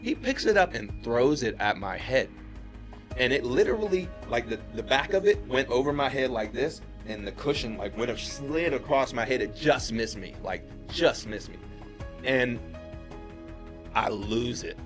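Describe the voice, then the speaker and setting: A man from Pittsburgh, a podcast guest, telling a story in casual chat and acting out the quotes with his voice jumping up high. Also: measured pace, over music. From Pittsburgh, USA. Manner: animated retelling, acts out quotes with rising pitch.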